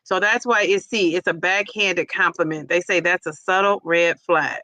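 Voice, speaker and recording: A woman's voice: fairly low pitch, steady tone, normal speed, bright, forceful tone, no echo. A woman hosting a casual livestream, chatty and laughing easily as she reads a quiz and viewer comments aloud. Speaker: livestream host.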